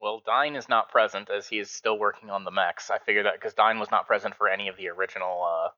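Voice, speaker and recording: A man's voice: lowish voice, steady tone, quick pace, sharp tone, lo-fi sound. A man playing a tabletop game, talking in a dry, wry joking way. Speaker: player. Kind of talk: casual tabletop play.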